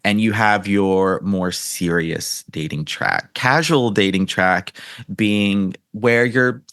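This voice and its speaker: A man's voice: fairly low pitch, takes it slowly, smooth, no room sound. Man hosting with a dry morning voice. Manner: warm, affirming, many "mm-hmm"s. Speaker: podcast host, dating coach. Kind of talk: casual podcast interview.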